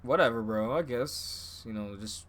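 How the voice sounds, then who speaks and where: A man co-hosting a casual podcast, blunt and quick to swear, laughing at his own jokes. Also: mid-range voice. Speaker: podcast co-host.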